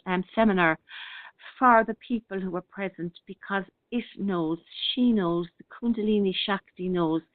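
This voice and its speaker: A woman hosts a casual spiritual radio talk in a gentle, unhurried way, full of little fillers and restarts. Her voice comes through a thin, tinny phone line. The sound is dry and close, with no room around it. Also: mid-range voice, no echo. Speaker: radio show host reading listener comments.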